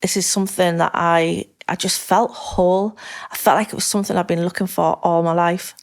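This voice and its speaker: A woman's voice: lowish voice, steady tone, fairly quick. A middle-aged woman with a Northern English accent, a podcast guest chatting candidly and rambling a little, laughing easily. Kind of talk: casual interview chat.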